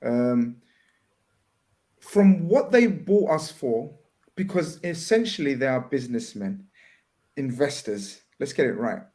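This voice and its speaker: A man hosting a casual football fan chat, talking in halting restarts and asking leading questions. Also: medium pitch, very animated, a little mellow. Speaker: host.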